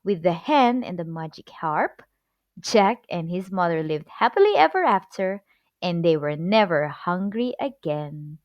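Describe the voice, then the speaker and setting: A woman reads a children's story aloud with an expressive, clear delivery. She takes her time, and her pitch rises and falls in a lively way. The sound is close and completely dry. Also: a little slow, no echo, muffled recording.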